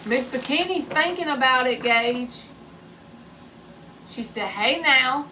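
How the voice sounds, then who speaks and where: A woman's voice: high voice, slow, distant mic. Woman, forties, casual joking live-stream chat, tarot reader, slightly off-mic, faint background noise. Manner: chatty and joking, relays off-mic remarks.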